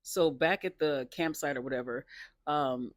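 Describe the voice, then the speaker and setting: Guy recapping a show episode, kinda high voice, laughs a lot, gets excited, dry sound. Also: a little slow, no echo. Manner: chatty, laughs often, excited personal asides.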